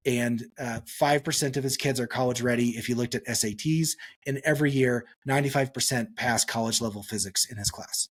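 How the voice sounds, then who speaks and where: A male psychologist answering interview questions on a podcast, telling stories and acting out quotes with sudden pitch jumps. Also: breathy edge. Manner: animated storytelling, acts out quotes with pitch jumps. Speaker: psychologist guest.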